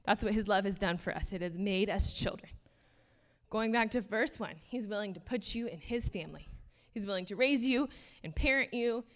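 A woman's voice: medium pitch, moderate pace, a bit bright. Earnest young woman preaching a sermon. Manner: earnest, casual, many fillers, laughs between points. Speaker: speaker.

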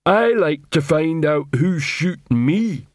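A man reading an audiobook, voicing a slow, earnest male troll constable who speaks haltingly. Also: on the high side, expressive, dry recording, clean studio sound, pitched above the performer's own voice.

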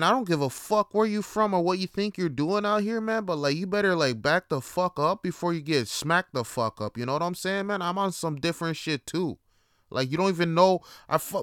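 A man's voice: fairly high pitch, bright, forceful tone, clear, resonant tone, no room sound, clean studio sound. A man voicing a threatening young male street tough with a Toronto accent, who speaks in clipped, slangy threats.

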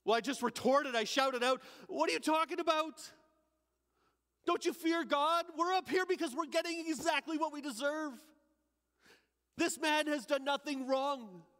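A male pastor playing a repentant thief dying on a cross, in a dramatic first-person monologue at a church service, halting and emotional, moving from hushed remorse to crying out. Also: high voice, in a large hall. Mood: awed.

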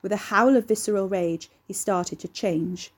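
A woman narrating a dark story in a steady, measured audiobook reading. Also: medium pitch.

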